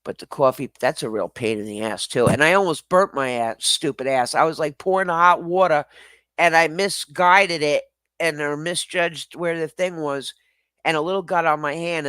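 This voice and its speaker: A man's voice: a little high, moderate pace, bright, forceful tone, smooth, no room sound. A man hosting a casual livestream, rambling and swearing as he reacts to viewer comments, laughing often and apologizing. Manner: rambling, profane, self-deprecating, laughs often. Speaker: livestream host.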